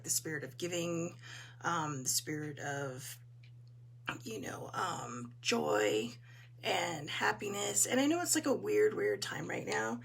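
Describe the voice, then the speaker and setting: A woman hosting a casual live talk, her voice hoarse as she chats in an encouraging way and greets viewers. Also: mid-range voice, a bit bright, slight background noise. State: hoarse, clearing her throat. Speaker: host.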